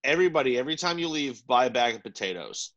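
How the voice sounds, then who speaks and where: A man's voice: medium pitch, animated, quick pace, fairly bright tone, lo-fi sound. A man co-hosting a podcast, chiming in with jokes in casual chat. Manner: joking interjections. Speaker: podcast co-host.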